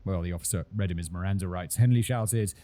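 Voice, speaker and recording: A man narrating a true-crime video in a measured, scripted storytelling delivery. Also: low voice, warm tone.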